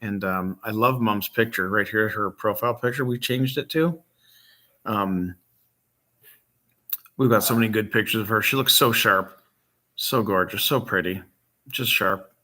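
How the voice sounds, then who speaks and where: A middle-aged man from Michigan, a grieving father hosting a vlog, talks off the cuff with many pauses and ums, his voice catching as he nears tears. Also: on the low side, sharp tone. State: emotional, near tears. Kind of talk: unscripted casual talk to camera.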